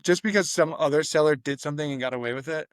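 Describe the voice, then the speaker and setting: A man's voice: fairly high pitch, fast talker, smooth, dry recording, clean studio sound. A man in a casual business podcast conversation, talking loosely with fillers and frequent tag questions.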